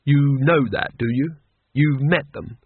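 A man voicing a nervous, sarcastic, excitable male wizard in a storybook reading. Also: a little high, takes it slowly, slightly rough, dry recording. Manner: sarcastic, exasperated. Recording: tinny phone-like dry sound.

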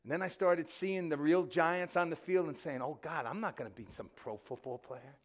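A middle-aged man preaching a sermon, passionate, often repeating words and swinging between loud bursts and hushed moments. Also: on the high side, moderate pace. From New York. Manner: repeats words when excited. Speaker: pastor.

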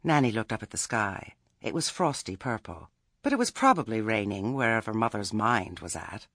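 A man's voice: lowish voice, very animated, moderate pace, creaky, a bit bright, no echo, clean studio sound. A man reading a story aloud as narrator, with a wry telling. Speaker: audiobook narrator. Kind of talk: scripted narration.

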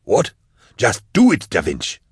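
Brief: male narrator as a tough, low-voiced ringleader, clipped and bossy. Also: huge pitch swings, moderate pace, breathy edge, no room sound, studio quality, heavily acted. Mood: grim. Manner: curt, forceful orders. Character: hard, commanding male schemer.

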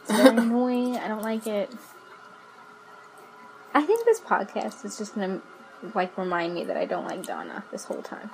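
A woman's voice: mid-range voice, big pitch swings, moderate pace, creaky, pauses often, a little hiss or hum, rough recording. A woman co-hosting a podcast in casual chat, frank and wry, often poking fun at herself. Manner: frank, wry, self-deprecating. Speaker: podcast co-host. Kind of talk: casual chat recapping a TV episode.

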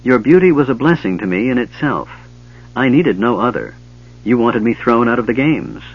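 A man voicing a stern, proud male plainsman warrior who speaks in a hushed, tender, formal way, in a dull lo-fi recording. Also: medium pitch, big pitch swings, moderate pace, husky.

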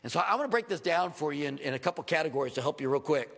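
A middle-aged man preaching a sermon in a church sanctuary, his high voice roughened by a gravelly edge. He preaches animatedly and slips into quoted voices with sudden swings of pitch. A long hall reverb trails every phrase. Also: animated, racing, a bit bright. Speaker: pastor.

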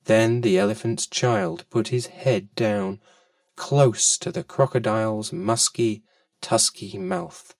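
Man, storybook reading, slow, gravelly, dry, a bit off-mic. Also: lowish voice, no room sound, far from the mic. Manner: fond, expressive storytelling. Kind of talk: reading a children's story aloud.

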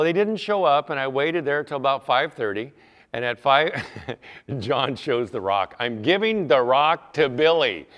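A man's voice: mid-range voice, fairly bright tone, clean tone. A middle-aged man preaching a sermon, telling stories in a conversational way with asides to the congregation. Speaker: pastor. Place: church sanctuary. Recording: long hall reverb.

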